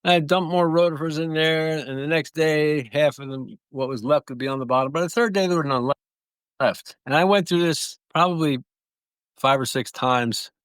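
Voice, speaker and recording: Guy telling long stories, a little high pitched, lots of restarts, dry close sound. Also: normal speed, fairly bright tone, clean tone, no echo. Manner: rambling anecdotes with small restarts and laughs. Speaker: guest clownfish breeder. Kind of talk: relaxed storytelling.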